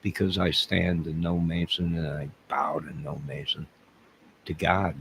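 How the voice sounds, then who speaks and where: A man hosting a rambling, joking livestream, answering his chat by name, swinging from loud outbursts to low mutters. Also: flat delivery, unhurried, vocal fry, slight background noise, rough recording. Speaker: livestream crime-case commentator.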